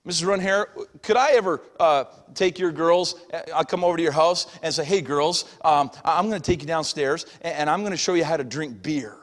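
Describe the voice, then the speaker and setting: A middle-aged male pastor preaching a sermon, moving between shouted passages and hushed asides, recorded in a church sanctuary. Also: on the high side, a little fast, hardly any pauses. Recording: long church hall reverb.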